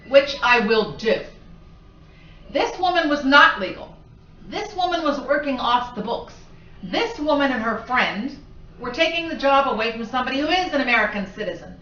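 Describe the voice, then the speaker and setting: High, sharp-voiced indignant woman ranting. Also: reverberant, distant mic, lo-fi sound. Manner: indignant, emphatic, punches single words. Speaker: political commentator. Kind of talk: opinion rant to camera. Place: her home.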